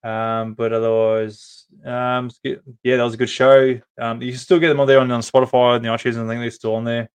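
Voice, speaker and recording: A man's voice: mid-range voice, level tone, a little fast, hardly any pauses, clear, resonant tone. A man with an Australian accent hosting a podcast live stream, chatting casually and rambling with many ums and restarts. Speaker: podcast host.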